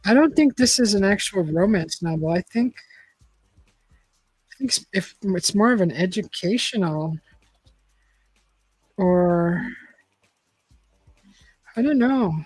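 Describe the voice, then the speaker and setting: A woman's voice: mid-range voice, lively intonation, takes it slowly, pauses often, a little mellow, breathy edge, no room sound, low-quality recording. Woman, middle-aged, casual chat, rambling, dry close recording, faint music behind. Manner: rambling and chatty, with frequent restarts and laughs. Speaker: host. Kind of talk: casual chat and reading aloud.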